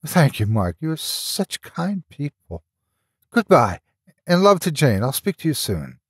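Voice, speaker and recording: A woman's voice: deep voice, sing-song, measured pace, slightly rough, no echo, clean studio sound, pitched above the performer's own voice, exaggerated voice. A man voicing a delighted young woman on a long-distance call, eager and pleading. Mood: grateful.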